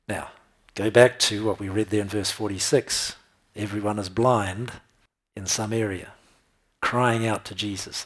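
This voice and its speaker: A man's voice: on the low side, fairly even intonation, measured pace. A man preaching a sermon, often checking in with his listeners with "right?" and "okay?".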